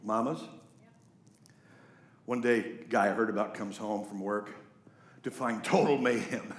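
Guy pastor preaching, voice goes quiet then big and loud, lots of echo in the church. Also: fairly low pitch, a little slow, long pauses. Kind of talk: sermon. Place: church sanctuary.

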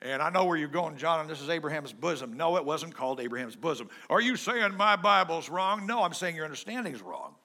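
A pastor preaching a sermon in a joking, conversational way, swinging between loud and soft. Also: male voice, on the high side, animated, a little fast, hardly any pauses.

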